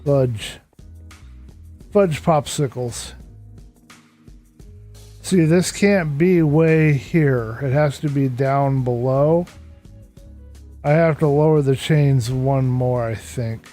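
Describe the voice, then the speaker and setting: A man's voice: medium pitch, slow pace, dark tone. Tired man streaming a building game. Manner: rambling, talks to himself and greets chat. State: tired, worn out. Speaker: Minecraft streamer. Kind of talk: casual live-stream commentary while building. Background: background game music.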